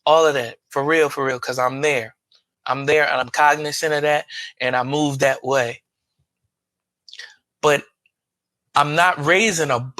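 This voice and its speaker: A man's voice: fairly high pitch, bright, forceful tone, no echo. A man who is a father, co-hosting a podcast in casual group chat, talking emphatically and repeating words for stress. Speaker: podcast co-host.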